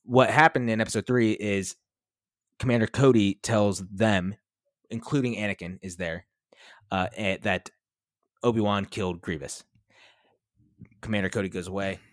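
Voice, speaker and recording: A man's voice: lowish voice, fairly even intonation, moderate pace, pauses often, no room sound, clean studio sound. A man co-hosting a podcast, recapping a TV episode in a rambling, casual chat, swearing now and then. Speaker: podcast co-host.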